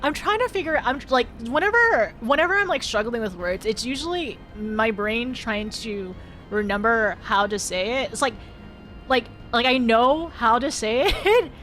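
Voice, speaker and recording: A giggly woman streamer chatting with her viewers, her voice sitting a little high. She laughs often and stumbles over words before finding them. Faint music plays behind her. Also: animated, moderate pace, fairly bright tone. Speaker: livestreamer. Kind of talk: casual live-stream chat while gaming.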